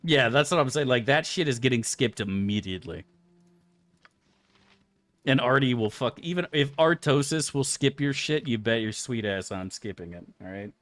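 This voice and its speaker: A man's voice: medium pitch, animated, moderate pace, a bit bright, no room sound. Profane rambling male streamer. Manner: crude, profane, rambling asides to chat. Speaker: game streamer. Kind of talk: casual live-stream chat.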